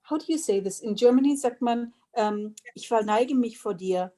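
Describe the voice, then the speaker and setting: A woman's voice: on the high side, normal speed, mellow. A woman in her thirties hosting a podcast, speaking sympathetically in a loose, casual way. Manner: sympathetic, loose, full of fillers and restarts. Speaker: podcast host.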